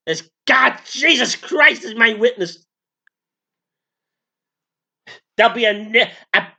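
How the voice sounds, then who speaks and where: A man's voice: very high-pitched, gravelly, pushed and bright, pitched above the performer's own voice, full character voice. A man voicing a brash, flamboyant, foul-mouthed male showman spirit in a comic channeling sketch, talking in a camp, boastful way.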